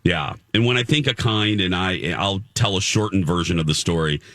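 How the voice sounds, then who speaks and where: Radio guy with a real low voice, dry studio sound, chatty and heartfelt. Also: moderate pace, fairly bright tone, no echo. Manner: heartfelt storytelling with restarts. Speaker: radio show host. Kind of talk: casual morning show chat.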